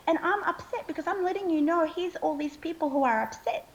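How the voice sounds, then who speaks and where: A woman speaks as an interview guest in an earnest, impassioned way. Her voice sits fairly high, and she drives her points home with a repeated "okay?" at the ends of her sentences. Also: fast talker, gravelly, hardly any pauses, slight background noise, low-quality recording. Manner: earnest, keeps asking "okay?".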